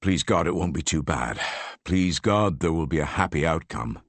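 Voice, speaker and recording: A man's voice: a bass voice, expressive, normal speed, dry recording, full character voice. A man voicing a loyal, anxious royal gardener in an audiobook, with an earnest, pleading manner. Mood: worried.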